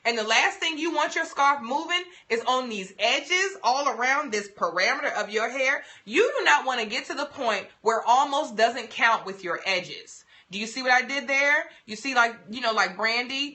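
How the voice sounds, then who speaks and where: A woman's voice: fairly high pitch, moderate pace, hardly any pauses, pushed and bright. A young woman hosting a casual livestream, giving beauty tips in a sassy, playful, emphatic way.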